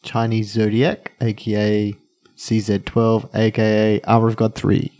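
A man co-hosting a casual podcast, easygoing and quick to laugh. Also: lowish voice, completely flat delivery, warm tone. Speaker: podcast co-host.

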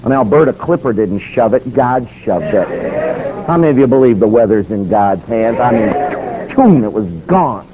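In a dull lo-fi recording with faint background noise, a male preacher delivers a sermon at a moderate pace. His medium-pitched voice has lively intonation as he tells a story dramatically, acting out what characters say.

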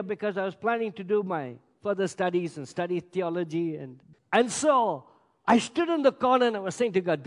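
A man preaching a sermon as pastor, emphatic, swinging between loud bursts and quiet asides. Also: high-pitched, lively intonation, fairly quick. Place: large church hall. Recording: long hall reverb. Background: congregation.

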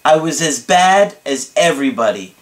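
A man voicing an excitable young male fan who stretches his words out dramatically. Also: on the high side, natural voice. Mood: gushing. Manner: drawn-out dramatic emphasis.

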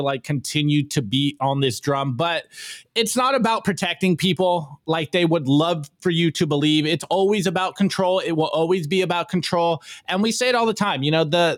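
A man's voice: on the high side, a bit bright, dry recording. A man co-hosting a podcast who rambles emphatically through a casual opinion chat, with plenty of fillers and laughs. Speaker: podcast co-host.

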